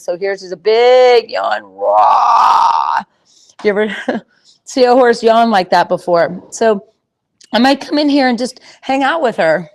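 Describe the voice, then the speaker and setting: A woman teaching about confidence while working with a horse. She talks in a loose, rambling way, full of fillers and restarts, with an easygoing, conversational pitch. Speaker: horse trainer and confidence coach. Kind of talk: casual teaching talk.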